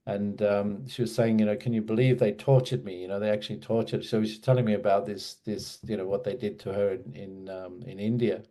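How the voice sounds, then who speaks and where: A man's voice: on the low side, little pitch movement, brisk, few pauses, dark tone. A man, recalling a story in a hesitant, rambling way with many fillers. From Australia. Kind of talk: casual spoken recollection.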